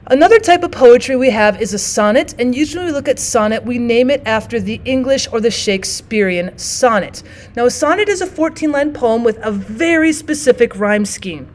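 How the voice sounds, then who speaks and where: A woman teaching a lesson on poetry, explaining each form step by step and reading example poems aloud slowly. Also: on the high side. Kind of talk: classroom lesson.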